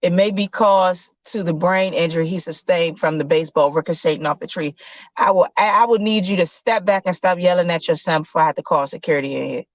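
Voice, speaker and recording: A woman voicing a calm, formal doctor. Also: fairly low pitch, fast, no room sound, natural voice. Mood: firm. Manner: polite, firm, formal. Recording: dull lo-fi sound.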